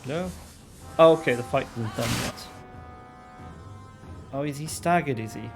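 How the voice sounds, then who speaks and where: A man giving live gameplay commentary, excitable, swearing and talking to himself as he plays. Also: mid-range voice, measured pace, vocal fry, soft background music. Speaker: gamer streamer.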